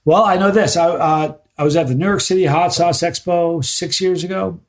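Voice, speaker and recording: A man chats as a podcast guest, spinning animated stories with plenty of false starts. His voice sits a little high for a man. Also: normal speed. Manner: animated storyteller with frequent restarts. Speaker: guest, spicy food challenge creator. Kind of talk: casual podcast conversation.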